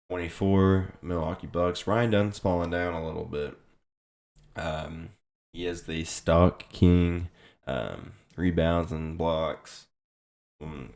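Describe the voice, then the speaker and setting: A young sports video host with a rumbling low voice gives casual, rambling reactions to basketball prospects. He keeps restarting his sentences as his voice gives out.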